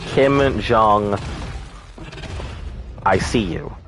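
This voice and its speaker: A man's voice: fairly low pitch, very slow, a bit bright, soft background music. A man streaming a game live, chatting casually with viewers, joking and swearing freely. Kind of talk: casual live-stream chat while gaming.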